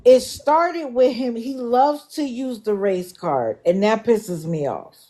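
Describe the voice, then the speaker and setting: A woman's voice: fairly high pitch, animated, takes it slowly, warm tone. A woman hosting a live stream, talking bluntly and with exasperation to her viewers. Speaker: livestream host. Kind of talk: casual commentary. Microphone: live stream setup.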